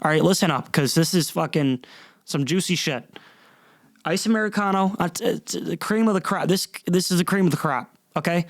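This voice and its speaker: A man's voice: sits high, normal speed, vocal fry, dry recording. A young man hosting a solo comedy podcast, rambling and swearing with stammering restarts. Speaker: podcast host.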